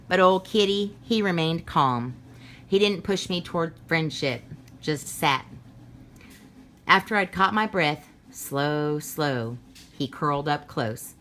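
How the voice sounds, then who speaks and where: A woman reading as a weary homeless male war veteran, talking quietly and haltingly. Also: low voice, a little hiss or hum.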